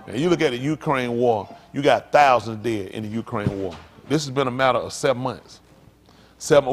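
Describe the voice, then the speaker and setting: A man, a pastor preaching in an informal, joking way. He laughs, teases the congregation and keeps asking "isn't that right?". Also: mid-range voice. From United States. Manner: animated, laughing, teasing the congregation. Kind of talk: informal joking sermon talk.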